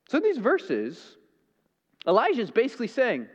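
A man preaching a sermon as pastor, dramatic, swinging from loud to hushed. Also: extremely high pitch, huge pitch swings, normal speed, long pauses, long reverb tail, dull audio.

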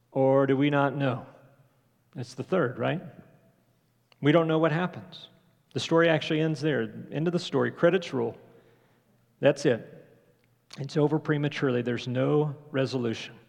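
A man preaches to his congregation, talking it through casually and asking questions. His voice sits a little high with a gravelly edge. It rings out in a reverberant church sanctuary. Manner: conversational, asks the congregation questions. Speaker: pastor. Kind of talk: sermon.

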